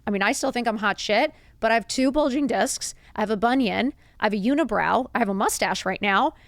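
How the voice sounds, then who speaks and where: A woman in her fifties hosts a solo podcast, speaking a little fast and talking to listeners candidly, bluntly and confidingly. She's animated, laughing and putting on high voices for quotes, with no echo in the recording.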